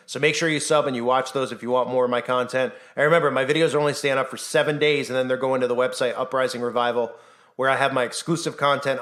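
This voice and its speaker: A Christian YouTuber delivers an impassioned monologue to the camera on his own channel in a medium-pitched, slightly bright voice. He's urgent and insistent, firing off rhetorical questions and acting out the voices of those he quotes.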